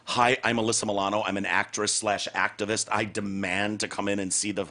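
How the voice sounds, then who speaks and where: A man's voice: on the low side, little pitch movement, brisk, sharp tone. A man mimicking a breezy woman, an actress and activist, in a mocking, airy tone.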